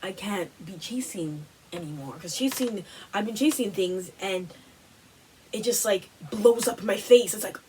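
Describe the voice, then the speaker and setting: A woman talks through a casual motivational workshop, animated and repetitive, her phrasing full of "like" and "you know". She sits a little back from the mic. Faint ambient noise hums behind her. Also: medium pitch, measured pace, far from the mic, poor audio. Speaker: host of a wellness workshop.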